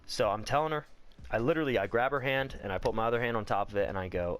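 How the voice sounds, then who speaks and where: A man's voice: medium pitch, fast, clear, resonant tone, faint music behind. A young man telling a personal story in a blunt, casual way, swearing freely and acting out the scenes. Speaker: vlogger.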